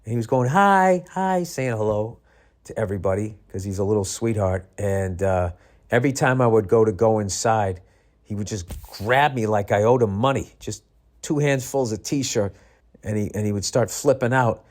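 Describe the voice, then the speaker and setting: A middle-aged man talks on his podcast in a low voice, tired and yawning. He rambles through comic stories, swears freely and now and then mimics other voices. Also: normal speed. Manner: profane, rambling, animated storytelling with mimicked voices. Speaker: podcast host. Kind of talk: casual comedic monologue.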